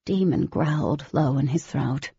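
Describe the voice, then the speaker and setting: A woman giving scripted first-person audiobook narration in a steady, even storytelling manner. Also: deep voice, measured pace, husky, no echo, dull audio.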